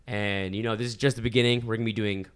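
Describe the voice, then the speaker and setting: Fast-talking, cussing young man. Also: fairly low pitch, steady tone, smooth. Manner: rambling, profane, jokingly bitter. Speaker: podcast co-host. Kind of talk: casual chat. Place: San Diego.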